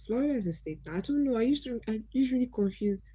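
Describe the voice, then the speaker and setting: Chatty Nigerian woman with a bright voice. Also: a little high, expressive, quick pace, slightly rough, no echo, low-quality recording. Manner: chatty, greets viewers by name, asks curious questions. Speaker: livestream host. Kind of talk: casual livestream chat with viewers.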